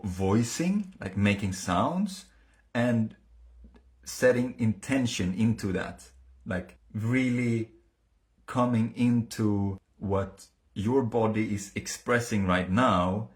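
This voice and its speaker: A man with a fairly low-pitched voice tells a personal story in a relaxed, casual way. He speaks earnestly and halts often, with many fillers and restarts as he searches for his words.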